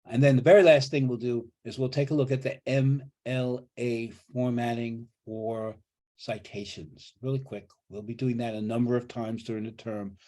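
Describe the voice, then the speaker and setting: A man's voice: medium pitch, fairly even intonation, moderate pace, dark tone. A man teaching a college writing class over a video call, explaining grammar patiently and repeating key points. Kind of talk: online class lecture. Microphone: computer mic on a video call.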